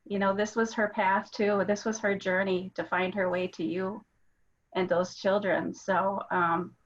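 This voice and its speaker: A woman's voice: medium pitch, flat delivery, measured pace. Earnest woman over a dull call line. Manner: earnest, heartfelt. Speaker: call participant.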